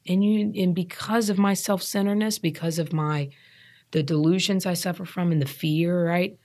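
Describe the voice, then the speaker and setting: A woman in her thirties with a low voice shares her story as an interview guest. She talks in an earnest, emphatic way and circles back to repeat what matters to her. The tone is candid and personal. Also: moderate pace, a little mellow. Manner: earnest, emphatic, repeats herself when stressing a point. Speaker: guest sharing recovery story.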